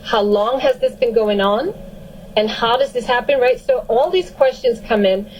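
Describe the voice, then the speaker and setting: A woman telling a personal story in a casual, animated and emphatic way. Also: fairly high pitch, moderate pace, slight background noise, low-quality recording.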